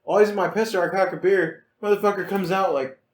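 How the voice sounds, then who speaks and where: High-voiced young man telling stories. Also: fast talker, a little hiss or hum. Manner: animated, swearing, acts out quotes, laughs often. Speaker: podcast co-host. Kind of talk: casual storytelling chat. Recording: echoey room.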